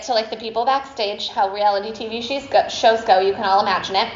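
A woman's voice: high voice, steady tone, brisk, hardly any pauses, slight background noise. A woman telling a story to a group, chatty and casual, with lots of fillers and laughs. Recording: echoey room, slightly dull sound.

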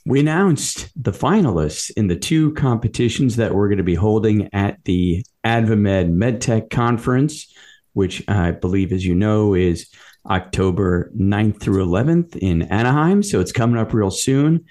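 Low-voiced man, steady podcast guest. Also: a little slow. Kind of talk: interview answers.

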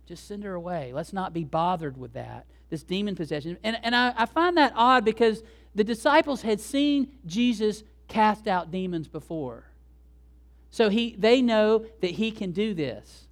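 A male pastor preaching a sermon conversationally, often asking rhetorical questions. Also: high-pitched.

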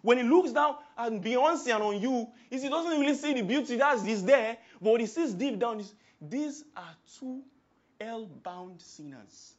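A man with a Nigerian accent preaching a sermon, swinging from hushed, quiet passages to loud, emphatic outbursts. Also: very high-pitched, moderate pace, few pauses, muffled recording.

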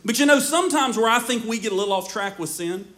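A man preaching a sermon in church, telling a story in an animated way and often laughing as he talks. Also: very high voice, fast talker. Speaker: pastor.

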